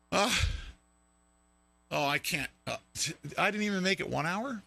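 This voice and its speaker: A male show host giving loud, riffing live-stream commentary, mocking and sing-song at times. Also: high voice, lively intonation, normal speed, gravelly, dry recording.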